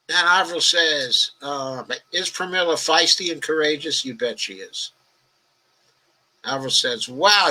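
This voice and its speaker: A man's voice: a little high, bright, forceful tone, poor audio. An elderly man, hosting a political livestream. He reads out viewer comments and answers them in a rambling, conversational way full of "okay" and "uh". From New York, the Bronx. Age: 80s.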